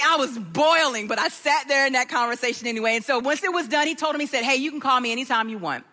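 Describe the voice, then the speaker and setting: High, bright-voiced woman preaching. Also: quick pace, hardly any pauses. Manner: animated, acts out quoted voices in her story. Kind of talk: sermon with personal storytelling.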